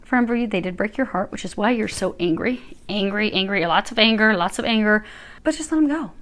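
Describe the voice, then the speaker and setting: Chatty woman giving a tarot reading. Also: fast talker. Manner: chatty, emphatic, lively swings in pitch. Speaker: tarot reader. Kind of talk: casual tarot reading to camera.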